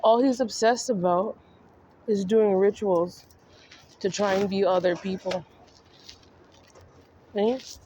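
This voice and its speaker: Slow, scolding woman vlogger. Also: medium pitch, steady tone, dark tone, slight background noise. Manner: scolding, mocking, addresses the subject directly. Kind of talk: ranting commentary monologue.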